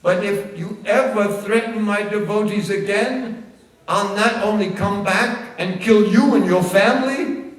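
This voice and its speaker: Storytelling figure: a man playing a growling lion-man deity, slow and menacing, set in a booming, roomy space. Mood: threatening. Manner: slow, loud, threatening delivery. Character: wrathful half-man half-lion male deity, growling protector. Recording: echoey hall, voice far from mic.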